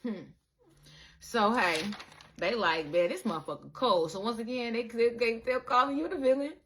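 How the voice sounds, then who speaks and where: A woman giving a casual spiritual monologue to her viewers, animated and profane, calling the listener baby and acting out the people she quotes. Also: on the high side, normal speed, slight background noise. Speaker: spiritual content creator.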